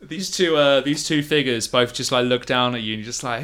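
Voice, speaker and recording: A man narrating a tabletop game as game master in a chatty, lively way. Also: medium pitch, brisk, smooth.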